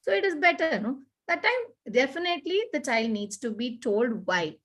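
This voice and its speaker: A woman giving parenting advice in an earnest, animated conversational way. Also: high-pitched, normal speed. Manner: earnest, repetitive, animated explaining with acted-out examples. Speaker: parenting expert guest.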